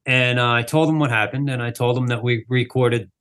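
A man's voice: mid-range voice, brisk. A man, a drummer, guest on an interview, telling a casual story with lots of "like" and "you know" fillers. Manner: animated, acts out quoted people in the story.

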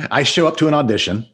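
A man hosting a casual podcast interview, upbeat and quick to laugh. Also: medium pitch, a bit bright, husky. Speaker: podcast host.

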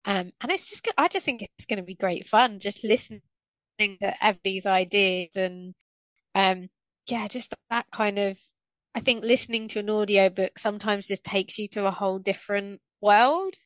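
A woman's voice: mid-range voice, normal speed, no room sound, rough recording. A woman guest on a podcast, talking in an encouraging, loose, rambling way. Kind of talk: casual chat.

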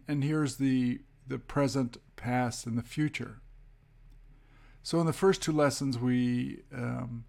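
Slow, gravelly male English teacher. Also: medium pitch. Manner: slow, methodical, reading out example sentences. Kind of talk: explaining grammar lesson.

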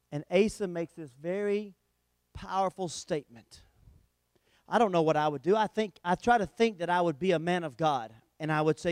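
A middle-aged man preaching a sermon, telling the story with animated swings between loud emphasis and hushed lines. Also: high voice, moderate pace, clear, resonant tone, no echo.

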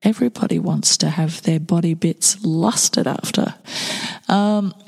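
Brief: wry woman podcast host, casual, dark and husky. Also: lowish voice, unhurried. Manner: wry, sarcastic asides. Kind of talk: casual chat.

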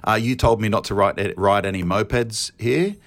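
A young man calling into a podcast, recorded on his phone, talking in an excited, rambling way and laughing often. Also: lowish voice, normal speed. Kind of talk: casual chat.

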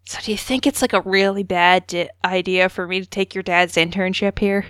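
A woman's voice: medium pitch, fairly even intonation, fairly quick, fairly bright tone, clean tone, no room sound, studio quality, lightly acted. A woman voicing a blunt, wry young woman engineer.

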